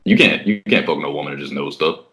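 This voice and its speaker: A man's voice: a bass voice, fast talker, fairly bright tone. A man co-hosting a podcast in casual comedic chat, laid-back and laughing often. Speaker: podcast co-host.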